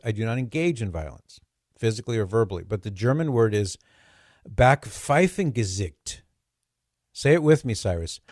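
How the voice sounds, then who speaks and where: Lively male radio host, dry studio sound. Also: lowish voice, no room sound. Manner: animated, laughs easily, repeats words for fun. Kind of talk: casual radio talk.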